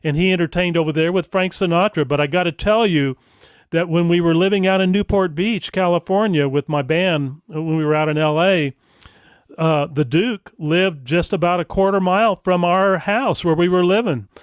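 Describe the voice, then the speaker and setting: An older man hosts a radio interview in a relaxed, chatty way. His voice is fairly high for a man and sounds smooth and resonant. The recording is close and dry, with little room sound. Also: moderate pace, dry recording. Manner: relaxed and conversational. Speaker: radio host. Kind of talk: casual interview.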